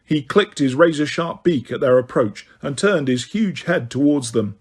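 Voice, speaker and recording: A man narrating a novel aloud in a steady, even storytelling voice. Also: on the high side, moderate pace, breathy edge. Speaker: audiobook reader. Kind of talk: audiobook narration.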